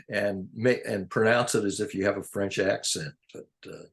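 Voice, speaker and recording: A man's voice: fairly low pitch, steady tone, measured pace. An older man in a casual, rambling chat, drifting between topics and chuckling often. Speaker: conversation partner.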